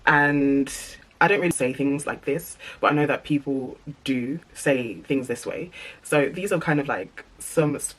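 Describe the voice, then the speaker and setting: Woman in received pronunciation, halting ums. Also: rumbling low, poor audio. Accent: British received pronunciation. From English Midlands. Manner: frequent ums, restarts and light stutters. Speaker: vlogger. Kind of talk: casual talk to camera.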